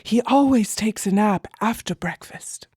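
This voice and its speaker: A narrator voicing a tall ogre's wife in a storybook reading for learners, hushed and urgent. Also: medium pitch, a little slow, slightly rough, no echo, studio quality, voice pushed up. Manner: hushed and urgent, with a mocking laugh. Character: big, tall ogre's wife, sly but kind.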